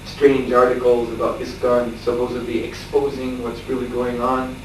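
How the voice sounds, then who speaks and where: Heavy reverb, a distant mic, and a faint hiss mark this clip of a male monk lecturing in a farmstead lecture room. Speaking at a moderate pace and average pitch, he tells a long anecdote during scripture class in a relaxed, chatty way, full of chuckles and hesitant fillers.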